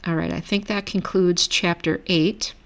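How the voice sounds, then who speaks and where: A woman with a notably low voice gives a recorded grammar lecture. She explains each rule patiently, pausing to correct herself now and then. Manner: relaxed, self-correcting explanations. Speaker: Greek grammar teacher. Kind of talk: recorded lecture over screen.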